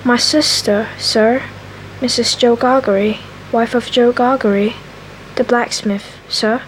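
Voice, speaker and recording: A woman's voice: fairly high pitch, steady tone, a little slow, a little hiss or hum, natural voice, rough recording. Woman playing a timid frightened boy. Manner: timid, pleading.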